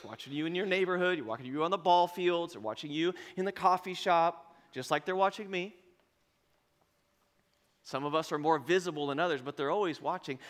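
A man preaching a sermon as pastor, telling a story with lively acted-out dialogue and bursts of laughter. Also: fairly high pitch. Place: church auditorium. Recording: long reverb of a large hall.

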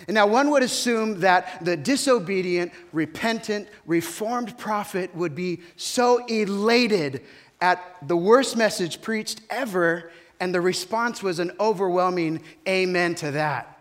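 Animated male pastor preaching in a big hall. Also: high-pitched. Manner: animated, shifting volume, asks the congregation to respond. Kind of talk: sermon.

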